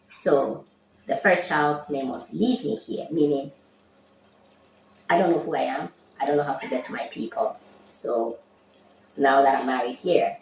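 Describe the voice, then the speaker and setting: A woman explaining what names mean, in a measured storytelling manner and drawing out key words. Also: extremely low pitch. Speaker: speaker in a played clip. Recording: echoey room with faint background noise.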